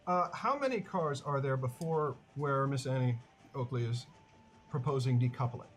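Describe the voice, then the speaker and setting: A man's voice: medium pitch, normal speed. A man playing a tabletop role-playing game, speaking in a pompous, oratorical way. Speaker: player.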